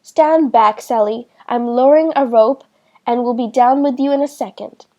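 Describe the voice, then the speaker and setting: A calm, steady father in a read-aloud storybook, voiced by a woman with a high, mellow tone. He gives clear, commanding instructions. The reading is gentle and plain. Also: normal speed, lightly acted.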